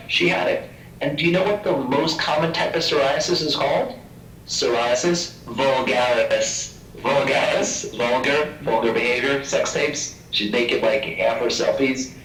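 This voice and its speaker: A mid-pitched man lectures a class with animated energy and jokes. He is heard from a distance in a reverberant room. A faint rumbling noise sits underneath. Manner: animated, joking, acts out quoted voices. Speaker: pathology lecturer. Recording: echoey room from far off mic.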